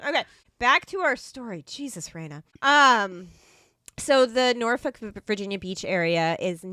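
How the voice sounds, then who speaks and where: A woman's voice: on the high side, lively intonation, a little slow, sharp tone, no room sound, studio quality. A middle-aged woman co-hosting a podcast, telling a story in casual chat and laughing often.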